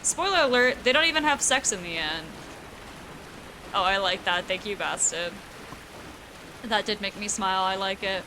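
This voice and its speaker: A woman's voice: medium pitch, normal speed, long pauses, bright, forceful tone, a little hiss or hum, low-quality recording. A young woman from the United States with an East Coast accent, chatting casually with her chat while gaming, laughing often and swearing offhandedly. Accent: American East Coast. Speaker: streamer.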